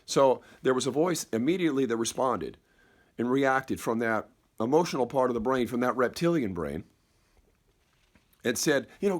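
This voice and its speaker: Speaking in an animated, mid-range voice, a man recounts something personal at a slow, reflective pace. He stumbles, repeats words, and goes quieter at the important moments.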